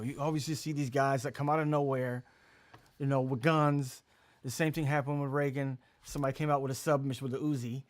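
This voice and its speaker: A man's voice: medium pitch, little pitch movement, fairly quick. A man hosting a casual livestream chat, rambling and joking loosely. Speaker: host.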